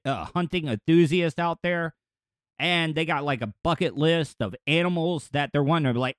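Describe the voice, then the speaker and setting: A man's voice: fairly high pitch, moderate pace, clear, resonant tone, no echo, studio quality. A man hosting a podcast, riffing in rambling, crude jokes over news clips. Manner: rambling, crude joking asides. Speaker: podcast host. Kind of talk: casual comedic commentary over news clips.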